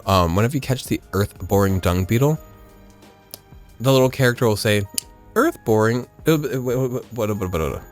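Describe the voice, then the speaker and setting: Male let's-play host, deep-ish voice, rambling and profane, casual. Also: a little fast, faint music behind. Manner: rambling, chatty, swears casually. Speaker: gaming video host.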